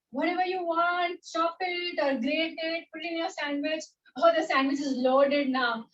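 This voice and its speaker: A woman with an Indian English accent, leading a playful online yoga class for children in an animated, sing-song, encouraging way. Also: sits high, lo-fi sound.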